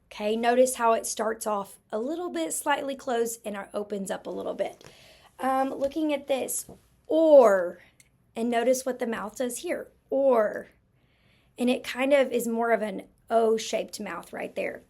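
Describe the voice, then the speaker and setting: A woman teaching a spelling lesson, who talks slowly and stretches out each sound while checking in with the class. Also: fairly high pitch, vocal fry, a little mellow.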